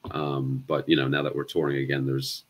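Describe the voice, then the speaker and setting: A man with an extremely deep, husky voice talks in a loose, halting way, filling pauses with ums and circling back on himself. It is relaxed guest talk on a chat show. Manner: halting, many ums and restarts. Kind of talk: casual chat.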